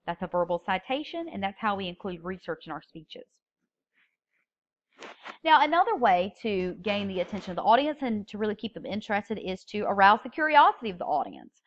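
A woman instructor lectures on public speaking at a medium pitch. She reads example lines with marked stress on key words. The recording sounds dull and lo-fi. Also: expressive, fairly quick.

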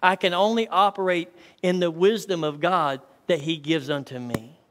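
A man's voice: fairly high pitch, normal speed, a bit bright, a little hiss or hum. A man, a pastor preaching a sermon in a folksy storytelling way and calling out to his congregation. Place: church hall. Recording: long church hall reverb.

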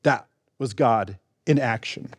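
A middle-aged male pastor preaching a sermon, conversational with restarts and asides, stressing key words with sudden jumps in pitch. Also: takes it slowly, no room sound. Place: church sanctuary.

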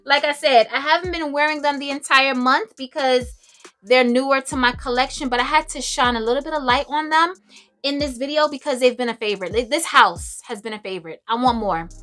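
A young woman chatting casually to camera about her favorite fragrances, expressive and laughing often. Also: high voice, fairly quick. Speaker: beauty and fragrance vlogger.

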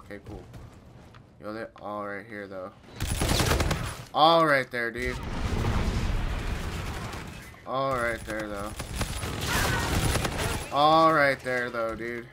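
A man giving live commentary while playing a shooter game, excitable and taunting the opponents as he plays. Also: mid-range voice, a little slow, pauses often, heavy background noise. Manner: trash-talking, excitable, talks to opponents. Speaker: gamer. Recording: loud game gunfire behind voice. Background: game gunfire and effects.

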